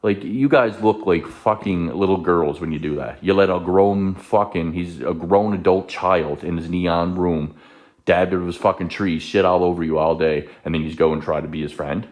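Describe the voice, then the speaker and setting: A man's voice: low voice, normal speed. A man ranting heatedly, swearing and accusing someone in a played clip. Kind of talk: angry rant in a played clip.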